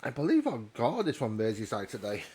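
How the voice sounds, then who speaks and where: A man's voice: medium pitch, huge pitch swings, fairly quick, darkish tone, breathy edge. Chatty man rambling over a game. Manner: rambling, chatty, filler-heavy. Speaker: gaming streamer. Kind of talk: casual gameplay commentary.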